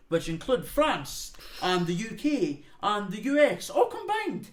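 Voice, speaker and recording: A young Scottish man with a high voice talks in a casual podcast chat. He rants and swears heavily, slipping into mocking voices as he goes. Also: big pitch swings, normal speed, few pauses. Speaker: podcast co-host. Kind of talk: profane casual chat, ranting.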